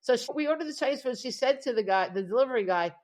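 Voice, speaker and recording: Quick-paced, with a voice a little on the high side, she co-hosts a casual podcast conversation. Her storytelling is lively, punctuated by frequent laughs and acted-out quoted voices.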